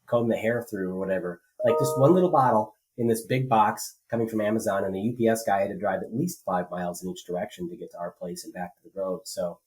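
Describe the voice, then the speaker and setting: A man's voice: fairly low pitch, fairly even intonation, fast, hardly any pauses, darkish tone, poor audio. A man co-hosting a political podcast, talking casually and rambling with many fillers and restarts. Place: rural home.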